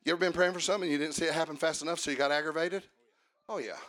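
A male preacher delivering a sermon in a church, swinging from quiet talk to shouted, sing-song preaching. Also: a little high, fairly even intonation, rapid-fire. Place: church sanctuary.

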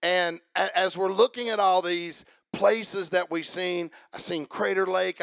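Gravelly high-voiced preacher man. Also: no echo, studio quality. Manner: folksy preaching, repeats phrases, builds to rhythmic shouting. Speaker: pastor. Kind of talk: sermon.

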